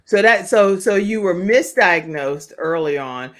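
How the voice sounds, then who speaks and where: A woman's voice: fairly low pitch, animated, unhurried, fairly bright tone. Chatty woman hosting a talk show. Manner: chatty, encouraging, recaps the guest's points. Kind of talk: interview conversation.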